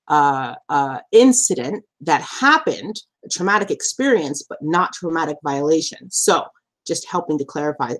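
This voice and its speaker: This live stream host, who is also a survivor advocate, recounts something personal with frequent laughs and lively acted-out quotes full of sharp pitch jumps. When she reaches the serious parts, her pace slows and her tone softens.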